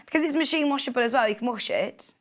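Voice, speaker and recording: A woman's voice: sits high, quick pace. A woman presenting fabric on a live TV shopping channel, chatty and gushing, with frequent gasps and laughs. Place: TV studio.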